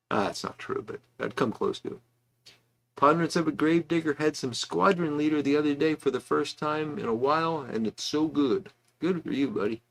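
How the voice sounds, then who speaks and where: A man's voice: a little high, moderate pace. A man hosting a casual livestream, chatting loosely and reading out viewer comments with asides. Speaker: livestream host.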